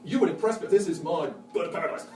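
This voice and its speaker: With music in the background, a man's fairly high, natural voice moves at a quick pace as he lectures in character as an enthusiastic, witty Victorian naturalist. His delivery is lively, animated, theatrical and joking, heard through a distant mic in an echoing museum lecture hall.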